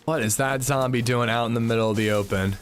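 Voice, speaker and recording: A man's voice: medium pitch, steady tone, quick pace, a little hiss or hum. A man livestreaming a game, chatting casually in a rambling way, swearing freely and saying "like" a lot. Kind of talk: casual gameplay commentary.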